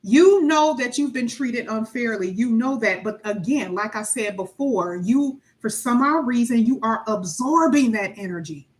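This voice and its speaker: Animated high-voiced woman tarot reader. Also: a little slow, hardly any pauses. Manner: animated, acts out quoted voices, emphatic repetition. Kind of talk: tarot reading monologue.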